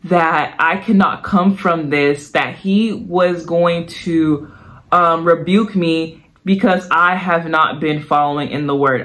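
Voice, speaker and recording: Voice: mid-range voice, steady tone, slow pace, fairly bright tone. A podcast host giving an earnest, reflective personal testimony about faith, repeating phrases for emphasis. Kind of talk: personal testimony, casual devotional talk.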